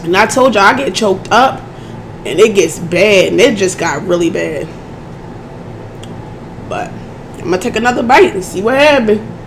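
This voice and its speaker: A hoarse woman vlogger chatting casually to her viewers as she eats, often clearing her throat. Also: medium pitch, expressive, moderate pace, long pauses, slight background noise. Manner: chatty, addresses audience as y'all, keeps clearing her throat. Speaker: mukbang vlogger. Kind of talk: casual eating chat to viewers.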